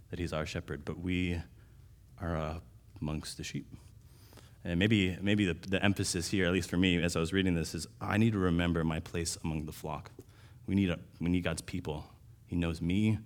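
A man preaching a sermon in a conversational way, restarting phrases and rising in volume for emphasis. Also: deep voice. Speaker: pastor.

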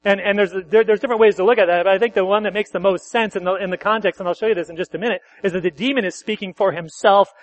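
A pastor preaching a sermon at a church service, talking conversationally, correcting himself and asking the congregation questions. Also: male voice, sits high, fairly even intonation, racing, few pauses.

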